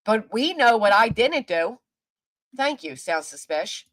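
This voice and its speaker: A woman's voice: medium pitch, big pitch swings, unhurried. A woman live streaming, ranting angrily with heavy cursing and talking back to her chat. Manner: heated, profane, talks back to chat. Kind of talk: angry livestream rant.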